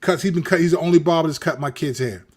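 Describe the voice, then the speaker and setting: A middle-aged man with a voice pitched a little above the usual, telling a long personal story as host of his own show. He speaks with animated street slang and a preacher's rhythm, often doubling back on his words. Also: quick pace, breathy edge.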